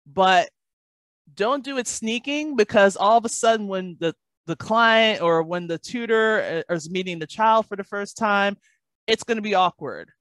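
A woman math tutor in a podcast conversation, telling lively stories and acting out the parents and kids she works with. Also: medium pitch, moderate pace, no echo. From Baltimore, Maryland. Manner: animated storyteller, acts out parents and kids.

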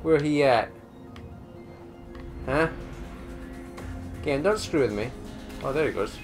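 A man giving live gameplay commentary, excitable and swearing a lot, talking at the enemies on screen. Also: on the high side, takes it slowly, soft background music. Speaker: gamer doing a let's play.

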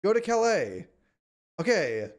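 A man streaming a strategy game, complaining in exasperated, whiny outbursts and sometimes shouting at the screen. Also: high-pitched, very animated, measured pace. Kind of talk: live gameplay commentary.

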